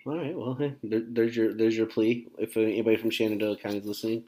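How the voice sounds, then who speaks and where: Low-voiced man, halting podcast chat. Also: fairly even intonation, darkish tone. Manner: halting, lots of restarts and "like". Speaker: podcast co-host. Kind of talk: casual chat.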